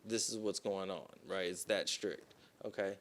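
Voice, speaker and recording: A man on a podcast telling a long story in casual, profane talk, with plenty of "boom" and "right?". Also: fairly even intonation, normal speed, a bit bright. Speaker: podcast co-host.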